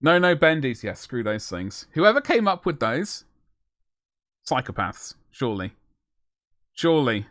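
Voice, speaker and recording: A man's voice: a little high, sing-song, measured pace, a bit bright, dry recording, studio quality. Jokey rambling male streamer. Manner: rambling, jokey, self-mocking asides. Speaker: streamer painting miniatures. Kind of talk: casual live-stream chat.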